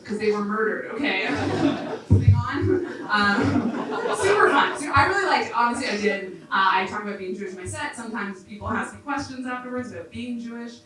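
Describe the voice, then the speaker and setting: A woman's voice: fairly high pitch, animated, a little fast. A woman from Canada with a Canadian accent doing a stand-up comedy set on stage, with dry, self-mocking asides. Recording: echoey club room from far off.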